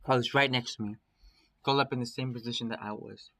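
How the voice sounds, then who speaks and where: A man's voice: medium pitch, steady tone, quick pace, pushed and bright, rough recording. A man reading a visual novel aloud in a dramatic first-person storytelling manner. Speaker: narrator.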